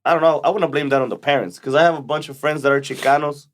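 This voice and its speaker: A man's voice: fairly high pitch, steady tone, very fast. A young man co-hosting a casual podcast, telling rambling work stories with frequent restarts. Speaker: podcast co-host. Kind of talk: casual chat.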